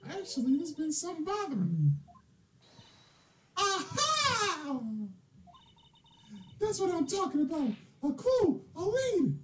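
A man reading game dialogue aloud while voicing an excitable young female character in a raised girlish voice. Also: very high-pitched, takes it slowly, long pauses, recorded from a distance, slight background noise, pitched above the performer's own voice, full character voice. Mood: anxious, eager.

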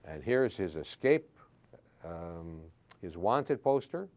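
Older male professor with a lowish voice; lectures haltingly, full of uh's. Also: sing-song, a little mellow, lo-fi sound. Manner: halting, frequent uh fillers. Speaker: history professor. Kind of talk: lecture with anecdotes. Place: classroom.

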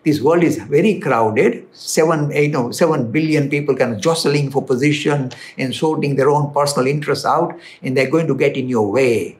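A man with an Indian English accent, answering viewer questions in an animated, emphatic explanatory talk. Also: on the high side, moderate pace, few pauses. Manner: animated, emphatic, rises when stressing points. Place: London studio.

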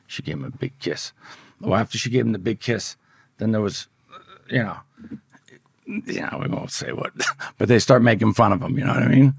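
A man's voice: on the low side, expressive, brisk, vocal fry, breathy edge, no echo, studio quality. A man telling a story from his past in casual, profane speech, often acting out the voices of the people in it. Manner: profane, vivid, acts out quoted voices.

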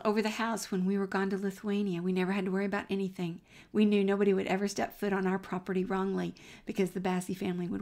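Middle-aged woman with a gravelly edge. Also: medium pitch. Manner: warm, earnest storytelling that drops to a near-whisper at times. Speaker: Christian speaker. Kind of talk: personal faith testimony, storytelling.

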